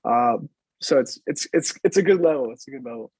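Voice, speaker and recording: A man's voice: mid-range voice, expressive, brisk, darkish tone, slightly rough, no echo, rough recording. A young man, a soccer player being interviewed, talking casually and hesitantly, with many fillers as he thinks aloud. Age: young adult.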